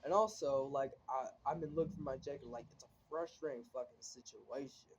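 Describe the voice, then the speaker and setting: A man's voice: mid-range voice, brisk, lo-fi sound, slight background noise. A teenage boy venting in a casual vlog, rambling with constant filler words and swearing, sounding frustrated as he talks into his phone. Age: teens. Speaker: vlogger. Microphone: phone camera, looking down at it.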